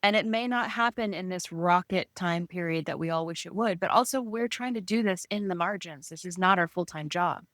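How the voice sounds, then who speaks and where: A woman's voice: fairly low pitch, a little fast, hardly any pauses, fairly bright tone, no room sound, clean studio sound. A woman co-hosting a podcast about art, speaking in a thoughtful, encouraging way. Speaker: podcast co-host. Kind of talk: casual chat.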